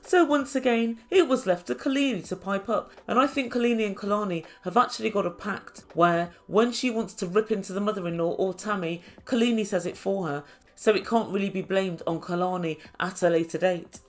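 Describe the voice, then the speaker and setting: In a casual recap, a woman with a mid-range voice reviews a reality show at a slightly quick pace. She's chatty and wry, dropping sarcastic asides along the way.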